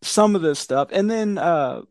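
A man's voice: high-pitched, expressive, measured pace, darkish tone, dry recording, studio quality. A man in casual conversation, blunt and profane, ranting with a conspiratorial tone. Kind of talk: casual chat.

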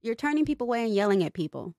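Animated young woman venting on a podcast. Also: a little high, very fast, dry recording, studio quality. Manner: animated, venting, swears freely. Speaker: podcast co-host. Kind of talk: casual chat.

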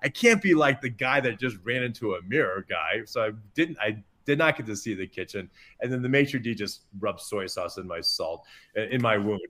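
A middle-aged chef, a man, telling self-mocking anecdotes in a podcast interview, full of quick asides. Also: fairly low pitch, animated, pushed and bright. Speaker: chef guest.

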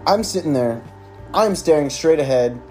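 A man's voice: on the high side, expressive, moderate pace, dark tone, faint music behind. A young man hosting a podcast, telling a school story in a casual, sarcastic, profane way with lots of filler words. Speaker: podcast host.

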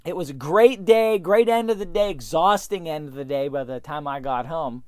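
A man hosting a podcast, telling a story in an animated way that speeds up and slows down. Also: fairly high pitch, dry recording, clean studio sound. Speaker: podcast host.

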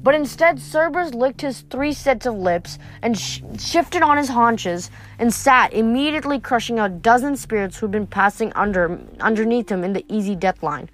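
A woman's voice: fairly high pitch, animated, moderate pace, hardly any pauses. A woman reading a novel aloud, sometimes stumbling and restarting a word. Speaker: reader.

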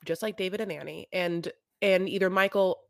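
A woman's voice: lowish voice, fairly quick, gravelly, dry recording. Rambling woman podcaster, dry close sound. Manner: rambling, filler-heavy, laughing asides. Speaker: podcast co-host. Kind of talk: casual podcast chat.

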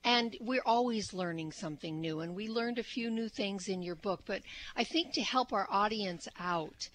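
A woman's voice: mid-range voice, moderate pace, fairly bright tone. A woman co-hosting a radio talk show, giving a practiced, upbeat welcome and leading the interview. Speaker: radio co-host.

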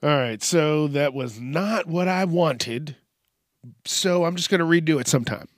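A man's voice: a little high, measured pace, dry recording, studio quality. A man hosting a solo podcast, rambling and swearing, sometimes calling himself by name in the third person. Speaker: podcast host.

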